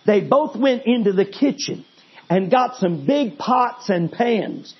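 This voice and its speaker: Husky guy preaching, pretty high voice, big dramatic swings loud to hushed, muffled lo-fi sound. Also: expressive, slow pace. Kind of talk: sermon.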